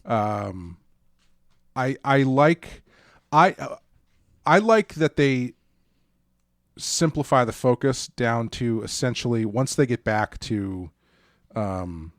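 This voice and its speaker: A man co-hosting a casual film podcast, talking in halting bursts with restarts and dry jokes. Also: medium pitch, lively intonation, no echo. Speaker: podcast co-host.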